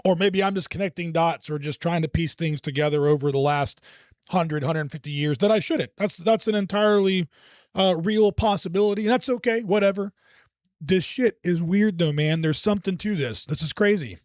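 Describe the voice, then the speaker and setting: A man's voice: high voice, moderate pace, darkish tone, no echo, clean studio sound. A man hosting a reaction video, rambling in a conspiratorial way and swearing often as he comments on clips.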